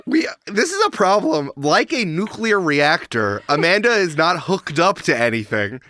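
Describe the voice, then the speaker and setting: A man in his thirties co-hosting a tabletop game podcast, talking in an excitable, upbeat way. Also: a little high, measured pace. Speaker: podcast co-host. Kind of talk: casual chat.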